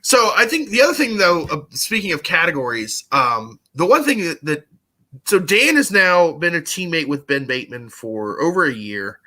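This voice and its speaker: A man's voice: on the high side, sing-song, normal speed, bright, forceful tone. A young man co-hosting a live podcast, chatting casually and rambling with lots of "like". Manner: rambling, heavy use of "like". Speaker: podcast co-host. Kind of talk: casual chat about a trivia competition.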